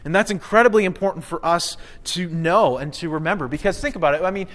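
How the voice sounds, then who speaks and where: Earnest, fairly high-voiced male pastor preaching. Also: fast, fairly bright tone. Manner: conversational and earnest, repeats words for emphasis. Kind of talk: sermon.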